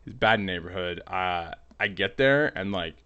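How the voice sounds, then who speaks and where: Low-voiced man telling a rambling story. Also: normal speed, smooth, highs cut off. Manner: rambling, animated, heavy use of "like". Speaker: vlogger telling a personal story. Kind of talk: casual storytelling monologue.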